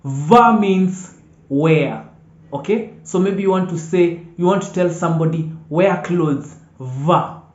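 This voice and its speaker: A language teacher calmly repeating each vocabulary word several times and checking in with "okay?" as they go. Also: medium pitch, slow pace. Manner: patient, drills words aloud and checks in with "okay?". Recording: echoey room, dull lo-fi sound.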